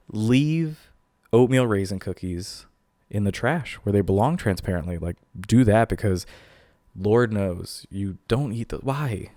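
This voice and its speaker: A young man hosting a podcast, talking casually in animated, incredulous, jokey rants to his listeners. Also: lowish voice, dry recording, studio quality. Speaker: podcast host.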